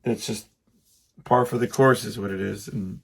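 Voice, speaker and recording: A middle-aged man on his podcast rambles through a personal story in casual monologue, interrupting himself and playing out the quotes. His voice runs on the low side, steady, creaky and husky, at a moderate pace.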